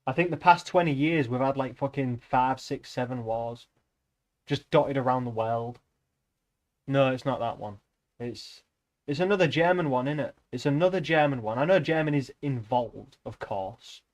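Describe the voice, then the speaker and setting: A young man chats casually to his stream viewers. He rambles and wanders off topic, drops swear words without a thought, and keeps his voice at an ordinary middle pitch. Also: moderate pace. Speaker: livestreamer.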